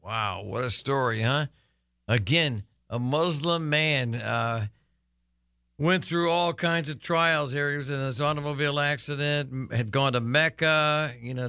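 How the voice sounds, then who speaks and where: A man's voice: on the high side, creaky, bright, forceful tone, clean tone, no room sound, studio quality. A male radio show host recapping a guest's story in a conversational, enthusiastic way. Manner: conversational, enthusiastic asides, laughs.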